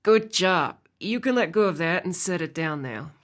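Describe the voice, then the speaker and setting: A woman narrator voicing a calm male rancher with a low, raspy voice, coaxing and soothing in an audiobook. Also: moderate pace, lightly acted.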